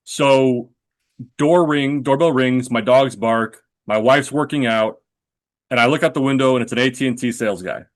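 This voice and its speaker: A man's voice: mid-range voice, normal speed. A man in his thirties hosting a podcast, telling a long self-deprecating story in a rambling, casual way with lots of filler words. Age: 30s. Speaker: podcast host.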